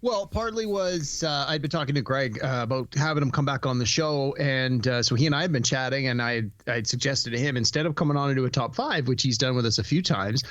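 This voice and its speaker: A man's voice: mid-range voice, brisk, few pauses, a bit bright, dry recording, muffled recording. A man co-hosting a podcast, chatting casually and dropping dry quips. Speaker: podcast co-host.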